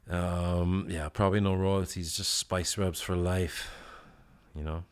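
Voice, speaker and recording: A man with a very low voice hosts his own podcast alone, talking loosely and swearing freely. His delivery is rambling and full of fillers, and he sounds a little short of breath. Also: flat delivery, unhurried, clear, resonant tone. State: out of breath after push-ups. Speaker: podcast host. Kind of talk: casual solo podcast chat.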